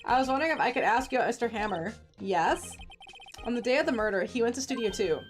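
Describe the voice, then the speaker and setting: A curious, level-headed young male defense lawyer from a courtroom game, read by a woman in her natural voice. He asks plain, steady questions. Her voice is fairly high, and faint music plays beneath. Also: fast talker, natural voice.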